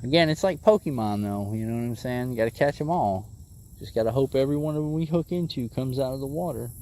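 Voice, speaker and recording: A man livestreaming bass fishing from a boat on a lake, chatting with viewers in an easygoing way and talking excitedly to the fish as he reels it in. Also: quick pace, slight background noise. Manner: excitable, talks to the fish and chat. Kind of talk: casual live commentary while fishing.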